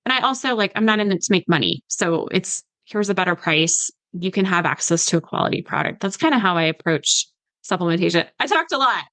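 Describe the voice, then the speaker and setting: A woman's voice: lowish voice, animated, fairly quick, fairly bright tone, no echo, poor audio. A woman dietitian in her thirties, a podcast guest explaining supplements in an easygoing way, with lots of "like" fillers. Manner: explanatory, many "like" fillers, mimics patients. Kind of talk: podcast conversation.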